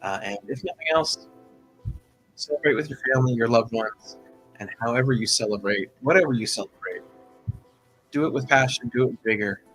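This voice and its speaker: A man's voice: medium pitch, fairly quick, pauses often, fairly bright tone, husky, soft background music, low-quality recording. A man hosting a livestream, telling a story in a chatty, rambling way full of asides. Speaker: host.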